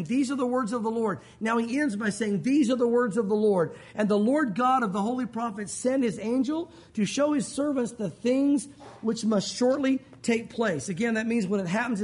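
A man's voice: extremely high pitch, darkish tone, husky. A man preaching a sermon as pastor, earnest and direct, often calling his listeners "guys".

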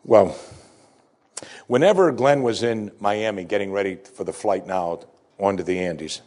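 Low-voiced preacher, emphatic and deliberate. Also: male voice, darkish tone. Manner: emphatic, slows for key phrases; storytelling with dramatic pauses. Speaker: pastor. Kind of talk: sermon.

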